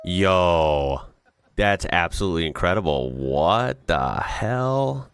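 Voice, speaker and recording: A man hosting a casual reaction video, excitable and slangy, laughing often as he comments on clips. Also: sits low, slow, smooth.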